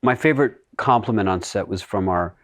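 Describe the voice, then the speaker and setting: A man who is an actor, talking as a guest in a podcast interview, animated and laughing often. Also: fairly low pitch, a little fast, no room sound, studio quality. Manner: animated, talks with his hands in his voice, laughing often.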